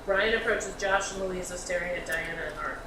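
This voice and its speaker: A woman's voice: on the low side, steady tone, a little fast. A woman reading stage directions aloud at a staged comedy reading, in a matter-of-fact way. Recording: roomy hall, audience noise, far mic.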